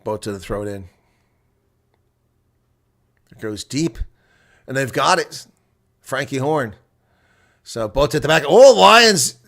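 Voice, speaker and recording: A middle-aged man calls a rugby match live from his own desk, giving play-by-play and color commentary. He bursts into loud, excited shouts at big plays, then settles into easy, rambling chat and reads viewer comments aloud. His pitch is ordinary and middle, his pace measured, with frequent pauses.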